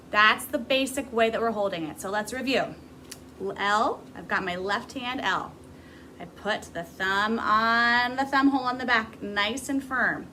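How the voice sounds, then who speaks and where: A woman's voice: a little high, bright, forceful tone, slight background noise, low-quality recording. A grown woman teaching a beginner music class to camera, patient and encouraging as she demonstrates. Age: adult.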